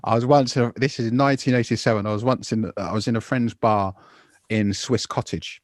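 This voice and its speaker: A man in his fifties hosting a podcast, chatting casually and telling an animated, rambling story, calling everyone "mate". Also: mid-range voice, a little fast, no room sound, studio quality. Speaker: podcast host.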